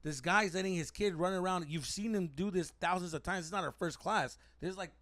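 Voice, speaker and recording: A young adult man, a podcast host telling a story in a casual, animated way, swearing as he gets heated. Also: high-pitched, fairly quick, no echo.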